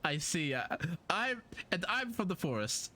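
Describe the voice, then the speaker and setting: A woman's voice: on the low side, sing-song, a little slow, bright, forceful tone. A young woman from England with a southern English accent, chatting casually while live-streaming a game, giggly and self-deprecating.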